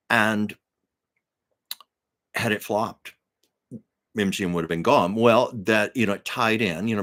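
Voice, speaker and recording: A fairly low-voiced older man hosting his own live stream. He talks in a loose, chatty way, wandering from story to story with plenty of fillers and restarts. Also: a bit bright. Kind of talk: casual live-stream chat.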